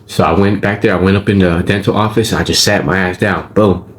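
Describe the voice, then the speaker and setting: A man with a low voice tells the story of his prison time in casual, cursing street slang, speaking a little fast with fairly even intonation. He keeps checking in with his listener, dropping "right?" and "you feel me?" often, over slight background noise.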